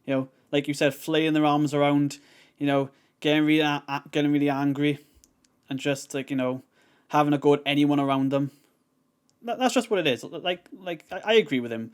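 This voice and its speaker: A man's voice: a little high, fairly even intonation, brisk, smooth. A man hosting a reaction video, talking in a rambling, exasperated way with lots of fillers. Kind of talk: casual commentary.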